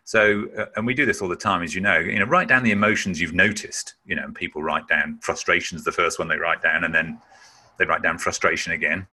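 A man's voice: low voice, steady tone, brisk, bright, forceful tone, breathy edge. A man giving a webinar talk on managing emotions, explaining emphatically and sometimes acting out sounds. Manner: emphatic, acts out breath-holding sounds. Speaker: webinar speaker.

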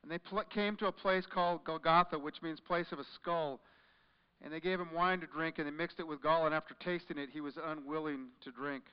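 A man preaching a sermon as pastor, swinging between hushed, quiet passages and loud, forceful ones. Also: fairly high pitch, fairly even intonation, brisk, clean tone. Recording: muffled recording in a large echoing hall.

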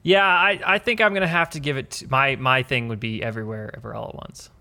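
A man's voice: mid-range voice, quick pace, pushed and bright. A man co-hosting a podcast, talking hesitantly and rephrasing as he goes. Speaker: podcast co-host. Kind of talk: casual chat.

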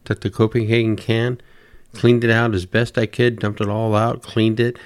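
A man tells humorous stories in a folksy, deadpan way. His voice sits low, and the sound is dry and close, with no room around it. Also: moderate pace, dry recording. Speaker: storyteller. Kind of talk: humorous storytelling.

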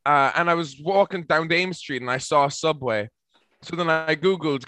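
On a casual podcast, a young adult Irish man who works as a comedian recounts a story in a deadpan, mock-serious tone. He speaks at a normal speed in a voice on the high side.

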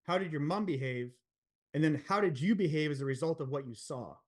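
A man's voice: on the high side, expressive, a little fast, a little mellow. A man in his forties, a podcast guest, telling his story in a frank, earnest way, swearing freely and using many fillers. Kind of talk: candid storytelling in a podcast interview.

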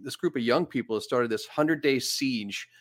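A man talking in a casual podcast chat, halting and repeating words as he thinks. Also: mid-range voice.

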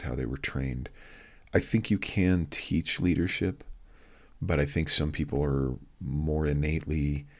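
Very deep gravelly man. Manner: plainspoken, folksy, a bit wry. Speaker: podcast host. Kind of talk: casual solo podcast talk.

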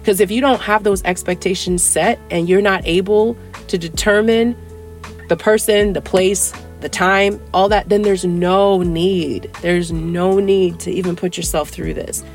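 A young adult woman hosting a casual dating-advice podcast, chatty and playful, acting out little dialogues with big jumps in pitch. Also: steady tone, a little slow, faint music behind. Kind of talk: casual solo podcast talk.

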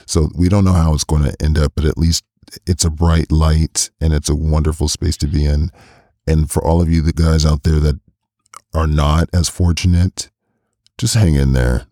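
A man hosting a podcast interview, talking warmly and effusively, stumbling over restarts. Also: very deep voice, level tone, moderate pace, no room sound, clean studio sound. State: emotional. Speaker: podcast host. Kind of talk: casual interview chat.

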